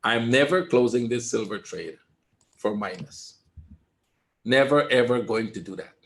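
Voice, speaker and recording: A man giving live trading commentary in a webinar, calm and reassuring, repeating his points and often asking "right?". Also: mid-range voice, measured pace. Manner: emphatic, talks straight to viewers. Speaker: trader teaching a webinar.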